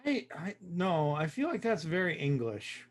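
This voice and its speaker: A man's voice: on the high side, very animated, a little slow. A man co-hosting a live brewing stream, chatting casually and agreeably in short replies. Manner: easygoing, agreeable, brief replies. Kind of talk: casual chat.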